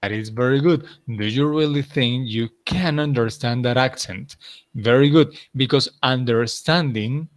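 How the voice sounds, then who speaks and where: A man's voice: medium pitch, unhurried. A man teaching an English class, patiently repeating answers and praising his students.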